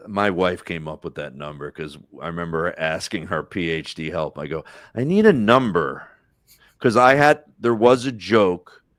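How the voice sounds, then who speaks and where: Middle-aged male comic, deep dry voice, loose rambling storyteller. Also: dry recording. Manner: rambling joke-telling with restarts. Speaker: comedian guest. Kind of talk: casual chat on a live podcast.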